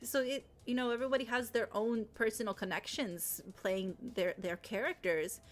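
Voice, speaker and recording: Loud, emphatic woman streamer. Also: a little high, moderate pace. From Latin America. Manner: animated, emphatic, ranting with repeated phrases. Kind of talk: casual live-stream chat.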